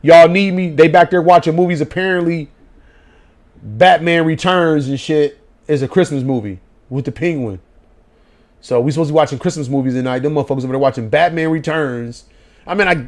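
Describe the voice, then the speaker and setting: A man, giving a profane late-night rant as a gaming vlogger. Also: a little high. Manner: profane, animated ranting in slang.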